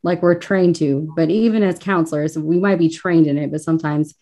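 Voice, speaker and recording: A woman with a slight Kentucky lilt talks things through in a relaxed interview over a video call. Her voice sits a little low for a woman, and she is reflective, a bit self-deprecating, and quick to laugh. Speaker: guest school counselor. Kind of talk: casual podcast interview.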